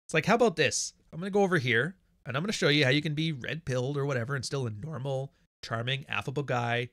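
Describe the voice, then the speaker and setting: A man hosting a livestream, talking in a blunt, profane, animated way and telling stories to his audience. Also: mid-range voice, no room sound, clean studio sound. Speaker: livestream host. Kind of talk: casual livestream monologue.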